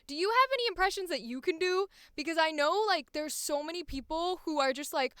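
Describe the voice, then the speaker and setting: Bubbly high-voiced young woman. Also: animated, moderate pace, sharp tone, no room sound, studio quality. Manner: chatty, bubbly, rambling, laughs often. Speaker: voice actor streamer. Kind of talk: casual livestream chat.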